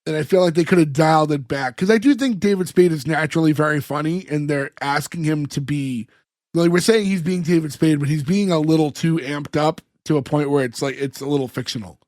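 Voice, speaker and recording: Rambling podcast co-host, slightly high. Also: male voice, a little fast, a little mellow, dry recording, clean studio sound. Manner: rambling, laughs often, many fillers. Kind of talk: casual chat recapping a sitcom episode.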